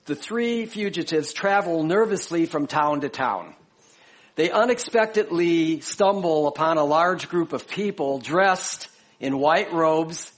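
Pastor, Chicago-raised man, slightly high voice, conversational sermon delivery. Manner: conversational, explanatory, addresses the congregation directly.

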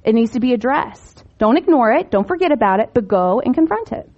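A woman's voice: fairly high pitch, big pitch swings, brisk. Woman Bible teacher, casual and talky, emphatic rhetorical questions; slightly muffled recording.

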